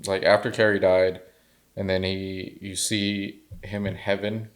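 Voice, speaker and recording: A man's voice: low-pitched, little pitch movement, measured pace. A young man co-hosting a casual film discussion, rambling and heartfelt, his talk full of fillers. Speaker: podcast co-host.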